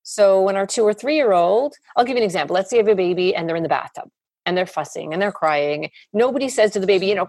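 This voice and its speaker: A woman's voice: medium pitch, expressive, fast talker, darkish tone, slightly rough, no room sound. A woman therapist explaining parenting techniques in a podcast interview, now and then acting out what parents and children say. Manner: explains steadily and acts out quoted parents and children.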